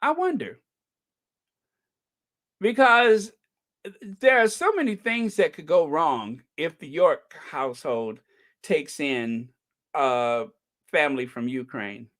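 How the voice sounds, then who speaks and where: A man hosting a casual livestream, chatting about news in a sarcastic, gossipy, animated way and laughing often. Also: a little high, slow pace, long pauses. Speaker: livestream host.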